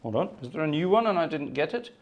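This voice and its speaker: A man's voice: fairly high pitch, big pitch swings, quick pace. A man hosting a live organ music stream, chatting casually with viewers, thanking them by name and telling a long anecdote. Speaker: organist and livestream host. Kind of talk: casual chat. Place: at home.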